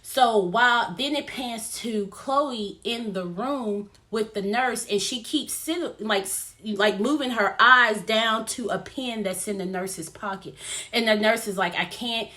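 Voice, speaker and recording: Bright-voiced woman recapping a movie. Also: fairly high pitch, unhurried. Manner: animated, chatty storytelling that addresses viewers. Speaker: movie reviewer. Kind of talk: casual plot recap vlog.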